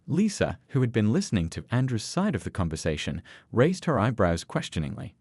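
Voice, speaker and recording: A man narrating a scripted story in a steady storytelling manner. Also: fairly low pitch, a little fast, slightly rough, dry recording.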